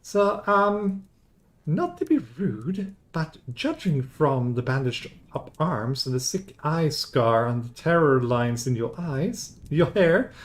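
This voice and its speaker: A squeaky young woman, chipper and a bit odd, full of bouncy swings in pitch, as a male streamer puts her on. She talks in quick, whimsical bursts, with a game voice that reads as light and girlish. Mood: nervous. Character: chipper young woman, new security hire.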